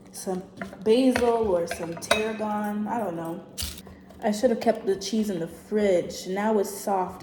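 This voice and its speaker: A young woman chatting casually while she cooks at home, ranting with exasperation and laughing now and then. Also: mid-range voice. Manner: animated, exasperated rants with laughs. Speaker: vlogger. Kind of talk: casual chat while cooking. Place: home kitchen. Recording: echoey room with faint noise.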